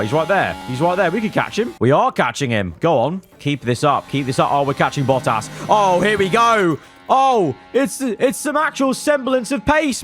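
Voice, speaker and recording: A man giving excitable live commentary over a racing management game, swinging from low muttering to loud outbursts. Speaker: gaming YouTuber.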